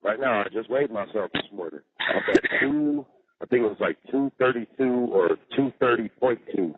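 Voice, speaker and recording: A man's voice: mid-range voice, big pitch swings, moderate pace, creaky, breathy edge, no echo. A man calling home from jail, chatting casually in a coarse, profane, boastful way. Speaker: jail inmate on a call. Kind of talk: casual phone chat. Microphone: prison payphone handset. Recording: tinny jail phone line.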